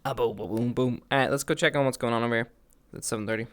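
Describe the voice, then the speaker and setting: A man's voice: mid-range voice, fairly even intonation, racing. A man live streaming, telling stories in casual chat, laughing and swearing often.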